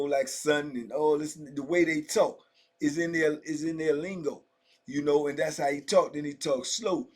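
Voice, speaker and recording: A middle-aged man with a voice pitched a touch high tells a prison story in easy, slangy street talk. He keeps checking in with the listener as he goes and keeps it conversational. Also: a little mellow. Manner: loose, slangy, full of "you know what I'm saying" asides. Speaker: storyteller recounting prison life. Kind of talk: casual first-person storytelling.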